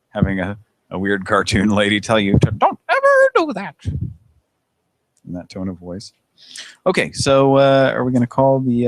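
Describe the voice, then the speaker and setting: Deep-voiced laughing man hosting. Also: slight background noise. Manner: laughs often, rambling. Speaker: host of a prank call show. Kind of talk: casual live chat.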